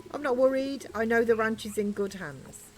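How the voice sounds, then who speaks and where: A woman voicing a gentle, folksy old male rancher in a farming game. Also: fairly high pitch, normal speed, natural voice.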